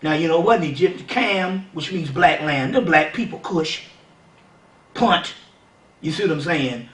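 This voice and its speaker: Guy lecturing a seminar, high bright voice, roomy far-off mic, keeps asking if u follow. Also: a little slow. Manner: animated, keeps asking "you see what I'm saying". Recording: roomy sound from a distant mic.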